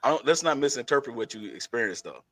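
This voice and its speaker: A podcast co-host in casual chat tells stories at a quick pace in a mid-range voice. His storytelling is animated, punctuated by frequent laughs, and he repeats himself.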